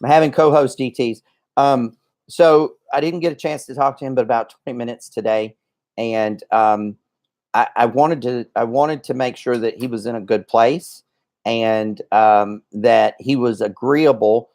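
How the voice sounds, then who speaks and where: A man's voice: medium pitch, measured pace, darkish tone. Rambling, breathless livestream host man. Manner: rambling, chatty, many fillers and restarts. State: slightly out of breath. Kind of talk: casual livestream chat.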